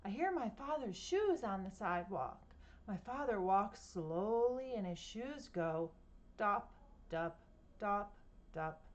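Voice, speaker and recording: A woman's voice: medium pitch, animated, measured pace, a little mellow. A woman reading a picture book aloud to children at home, playfully imitating sounds and asking her listeners questions. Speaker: storytime reader.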